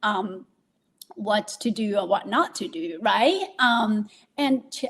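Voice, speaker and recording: A woman's voice: medium pitch, expressive, slow, a bit bright. A woman hosting a podcast interview, talking hesitantly with many fillers and affirmations. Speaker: podcast host. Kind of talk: casual interview chat.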